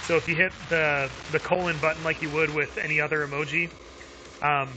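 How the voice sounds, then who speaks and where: A man's voice: on the high side, level tone, fairly quick, noisy background. A man streaming a video game live, chatting upbeat with viewers, laughing often and using lots of fillers. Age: adult with young kids. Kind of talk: live gameplay commentary.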